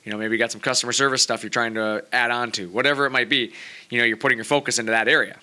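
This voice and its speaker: A man's voice: mid-range voice, steady tone, rapid-fire, bright, forceful tone. A man hosting a podcast in casual chat, rambling and packing his talk with fillers like "you know" and "like". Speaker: podcast host.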